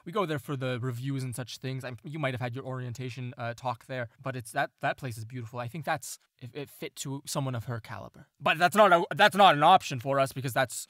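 A man's voice: mid-range voice, a bit bright, no echo, studio quality, natural voice. A man playing a fussy middle-aged male school official who speaks politely and trips over his words. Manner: halting, polite, rambling.

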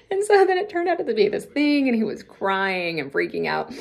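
A woman's voice: medium pitch, big pitch swings, normal speed, creaky. A middle-aged woman vlogger telling casual stories to camera, chatty and laughing often as she acts out what people said.

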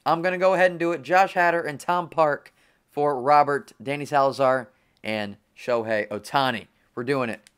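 A young man giving casual, excitable commentary over a sports video game, talking to himself and complaining when things go wrong. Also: fairly high pitch, moderate pace, clean tone. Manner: excitable, frustrated, talks to himself. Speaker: gaming channel host.

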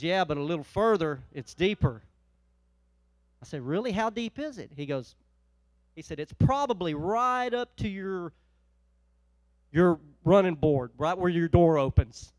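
A male pastor preaching a sermon, telling a folksy story and swinging from loud exhortation to quiet, chatty asides. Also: sits high, no room sound. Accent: Northeast Ohio.

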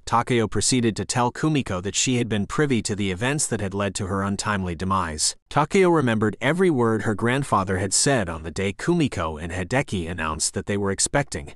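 A man narrating a scary story in a calm, measured, scripted way. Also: lowish voice, no echo, clean studio sound.

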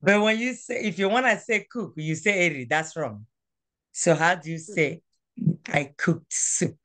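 A woman teaching a language class over a phone, patient and coaxing, repeating words slowly. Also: lowish voice, animated, fairly bright tone.

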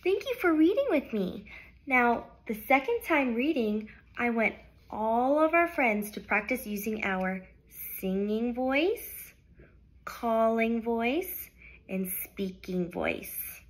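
A young adult woman teacher reading a picture book aloud to young children in a slow, sing-song storybook voice. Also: a little high, big pitch swings.

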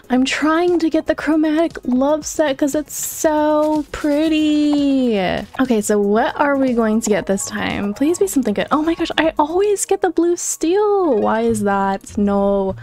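A young woman hosting a gaming channel, giving excitable, giggly play-by-play commentary while keeping her voice down. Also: high voice. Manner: excitable, gasping and giggling, talking quietly. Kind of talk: casual gameplay commentary.

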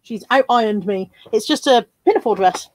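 High-pitched woman chatting casually on a haul livestream, jokey, dry close sound. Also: lively intonation, moderate pace, no echo. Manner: chatty and jokey, laughs often, reads out viewer comments. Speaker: livestream host. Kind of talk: casual live haul chat.

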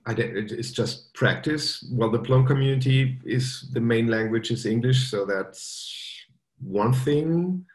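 A man's voice: mid-range voice, unhurried. German guy w/ accent, laid back, lots of uhs, roomy echo. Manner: relaxed, hesitant with many fillers and restarts. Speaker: guest developer. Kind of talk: casual interview chat.

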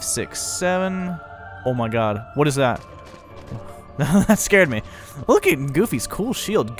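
A young man giving excitable, chatty let's-play commentary, laughing often. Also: medium pitch. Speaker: gaming video host.

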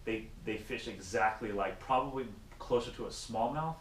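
Casual male angler, lively storyteller, roomy sound from a distance off the mic. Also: lowish voice, moderate pace. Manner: animated storyteller, acts out voices. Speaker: guest angler. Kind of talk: casual fishing chat. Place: in a car on the road. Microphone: action camera. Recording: echoey and distant, faint noise.

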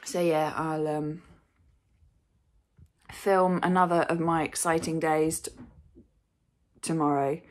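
A woman's voice: low voice, little pitch movement, takes it slowly, long pauses. A young woman in a casual vlog, talking frankly and a little wearily, rambling with fillers and the odd swear word. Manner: rambling, frank, sweary, talks in baby voice to her child. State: unwell, hiccups. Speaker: vlogger.

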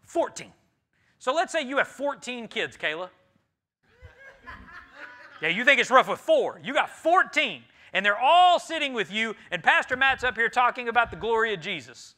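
Man, Texan accent, pastor, conversational sermon, playful, high voice, bright tone. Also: normal speed. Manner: lively, playful, addresses the congregation directly. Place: church sanctuary.

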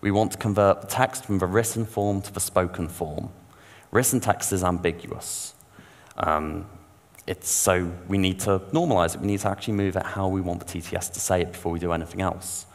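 A man's voice: sits low, steady tone, brisk. A man giving a technical conference talk, explaining in a casual, informal way with slang asides. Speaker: conference speaker. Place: conference hall. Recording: long reverb of a large hall.

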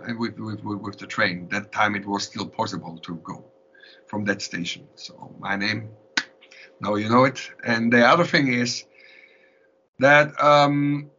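German-accented male musician guest, bright, husky voice, animated anecdotes. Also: medium pitch. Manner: animated, laughs often, repeats words. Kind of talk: casual interview storytelling. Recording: dull lo-fi sound.

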